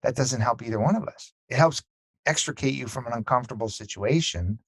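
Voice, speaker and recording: A man with a mid-range, slightly breathy voice talks fairly quickly, with no room sound. As a podcast guest in a casual conversation, he tells a story animatedly, acting out what people said.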